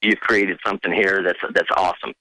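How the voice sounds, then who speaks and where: A man's voice: low-pitched, fairly even intonation, fairly quick, pushed and bright, dry recording, low-quality recording. A man calling in to a talk radio show, speaking in a fervent, supportive and rambling way. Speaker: caller.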